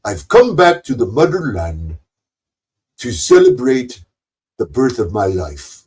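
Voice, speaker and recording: A man putting on a husky, boastful mock persona. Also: mid-range voice, wildly swooping pitch, slow, darkish tone, voice pushed down, exaggerated voice. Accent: put-on Indian accent. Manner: mocking, rambling confessional monologue. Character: boastful self-pitying man mocked by the host.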